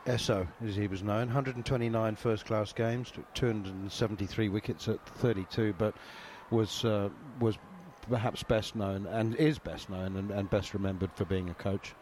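A man hosting a casual interview, measured and reciting figures with some hesitations. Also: lowish voice, steady tone, darkish tone, slight background noise. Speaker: host, interviewer.

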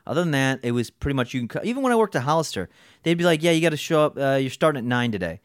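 A man's voice: medium pitch, sing-song, rapid-fire, smooth, no echo, clean studio sound. A man chatting casually as a podcast co-host, telling stories with lots of swearing and acting out other people's voices. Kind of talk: casual storytelling chat.

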